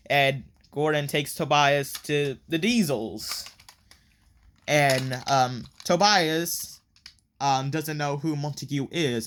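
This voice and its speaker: A man's voice: medium pitch, a bit bright, a little hiss or hum. A man giving a casual, rambling plot recap review, full of frequent ums and offhand, wry asides. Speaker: video reviewer.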